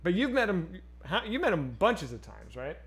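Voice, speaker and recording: A man co-hosting a casual streamed chat, excitable and swearing freely. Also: sits high, moderate pace, slightly rough. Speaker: podcast co-host.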